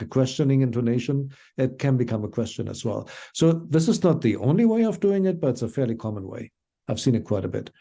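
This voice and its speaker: Man teaching with a dark voice. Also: mid-range voice. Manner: relaxed explaining with many fillers. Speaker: language teacher. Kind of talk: online class lecture.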